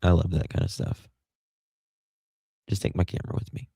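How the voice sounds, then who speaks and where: A man's voice: sits low, fairly even intonation, moderate pace, gravelly, dark tone, husky, no echo. A man with a Southern US accent hosting a casual livestream, chatting and greeting viewers by name as he reads their comments. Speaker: livestream host.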